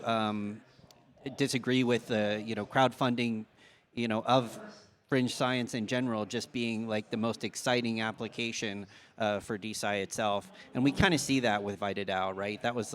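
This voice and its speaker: A man speaking as a conference panelist in a casual way, full of pauses and fillers. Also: medium pitch, steady tone. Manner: casual, lots of uh and you know. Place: conference hall.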